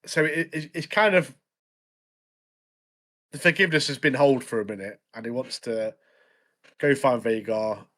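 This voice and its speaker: A man's voice: mid-range voice, normal speed, long pauses, fairly bright tone. A young man, co-hosting a podcast in easygoing casual chat, often laughing. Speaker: podcast co-host.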